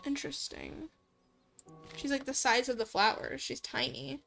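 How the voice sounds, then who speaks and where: A woman's voice: high voice, normal speed, gravelly, sharp tone. A young adult woman streamer in casual let's play commentary, chatty and giggly, thinking aloud. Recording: faint background music.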